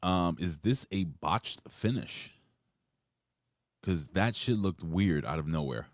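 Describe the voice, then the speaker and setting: A man with a low voice that swings widely in pitch co-hosts a wrestling podcast. He banters bluntly and swears freely. The recording is dry and close to the mic. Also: slow pace, no echo. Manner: blunt, profane, animated banter. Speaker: wrestling show co-host. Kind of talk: casual podcast chat.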